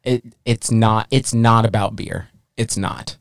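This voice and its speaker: A man's voice: fairly low pitch, fairly even intonation, unhurried, no room sound, studio quality. A young man who is a sports reporter, joining a casual podcast as a guest and joking with laughs mixed into his speech. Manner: jokey, laughs through his lines.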